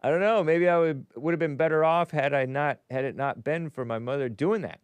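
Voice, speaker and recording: A man's voice: a little high, brisk, clear, resonant tone, no echo. Wry, musing man hosting a call-in show. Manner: wry, musing, trails off with "I don't know". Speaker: talk show host. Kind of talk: call-in talk show chat.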